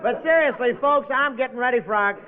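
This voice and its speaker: A man's voice: very high-pitched, quick pace, over a noisy crowd. A man playing a boastful, wisecracking comedian in a 1950s radio sketch, firing off gags. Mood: breezy. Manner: wisecracking, puts on a hammy cowboy twang. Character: boastful wisecracking male comic in cowboy outfit. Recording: tinny old radio broadcast with hiss.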